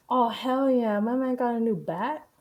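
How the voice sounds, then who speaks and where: A woman streamer giving casual, profane commentary on the news, blunt and quick to laugh. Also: fairly high pitch, a little mellow.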